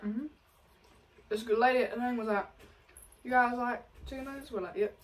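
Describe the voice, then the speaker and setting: A woman's voice: fairly high pitch, fairly even intonation, fairly quick, far from the mic. A young woman, teasing and bantering playfully in a casual vlog. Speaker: vlogger. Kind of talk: casual chat. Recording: noisy background.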